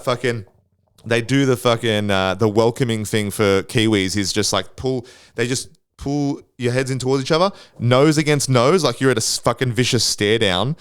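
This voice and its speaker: A man's voice: medium pitch, smooth, no echo, studio quality. A young man hosting a podcast, telling rambling travel stories in a laid-back, profane way. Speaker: podcast host. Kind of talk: casual storytelling.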